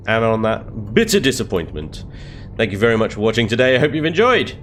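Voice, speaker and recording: Young guy narrating his game, low voice that jumps all over, laid-back pace, faint music behind. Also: animated, moderate pace, a bit bright. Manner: exasperated, swears and laughs at his own mishaps. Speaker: let's play host. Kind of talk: gameplay commentary.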